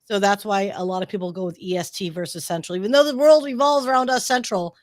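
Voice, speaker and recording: A woman's voice: medium pitch, fast, dry recording. A woman co-hosting and producing a show, chatting casually on a video call, bubbly and rambling with enthusiasm. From Southern Oklahoma. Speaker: co-host and producer. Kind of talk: casual chat.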